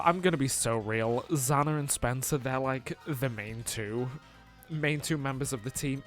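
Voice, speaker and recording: A man's voice: medium pitch, a bit bright. A man casually commentating a video game, rambling and chatty, with frequent laughs and filler words. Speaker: gameplay commentator. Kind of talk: casual let's play commentary.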